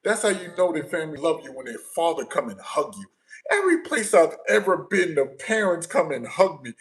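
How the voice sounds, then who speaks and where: A fairly high-pitched man from the United States, chatting casually as he hosts a livestream. He tells his stories with lively energy and drops into low, quiet asides between loud bursts. His talk is loose and conversational. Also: moderate pace, low-quality recording. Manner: animated storytelling, shifts often from low mumbles to loud bursts. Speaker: livestream host.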